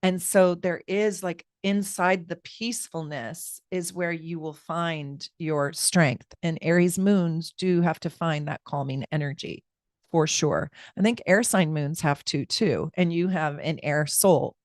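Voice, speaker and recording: Chatty, low-voiced woman astrologer. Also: unhurried, dry recording, studio quality. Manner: chatty, rambling, talks straight to viewers. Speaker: astrologer giving live readings. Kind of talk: casual live-stream chart reading.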